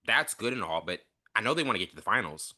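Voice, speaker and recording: A man chats as a guest on a sports podcast, quick and animated, often acting out what people might say. His voice is lowish and very bright. He rushes through his points. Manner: rapid, animated, quotes imagined speech. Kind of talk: casual sports podcast chat.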